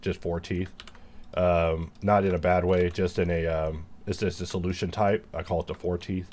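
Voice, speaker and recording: A man with a very low voice talks casually through his 3D modeling work, drifting into rambling, self-mocking jokes between steps. Faint keyboard typing sits behind him. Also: little pitch movement, moderate pace, a little mellow, a little hiss or hum. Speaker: 3D modeler teaching his workflow. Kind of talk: casual commentary while modeling on screen.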